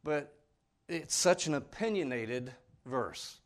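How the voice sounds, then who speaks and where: Folksy preacher guy, earnest and pleading, kinda high voice. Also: animated, takes it slowly. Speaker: pastor. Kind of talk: sermon.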